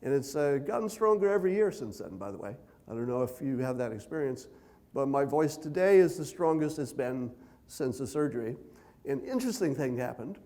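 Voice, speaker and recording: A man giving a conference keynote speech, conversational with dry self-deprecating humor, deliberately speaking at a raised pitch. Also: expressive, dark tone. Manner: loose, unhurried delivery with many fillers and asides.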